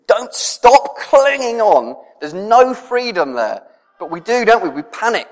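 A man's voice: high-pitched, sing-song, measured pace. A man preaching a sermon in a conversational way, often chuckling and tossing in questions like "isn't it?". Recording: long reverb of a hall.

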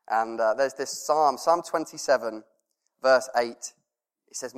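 A male pastor preaching a sermon, earnest, laughing softly and dropping to a hush when he quotes prayers. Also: medium pitch, moderate pace, smooth, in a large hall.

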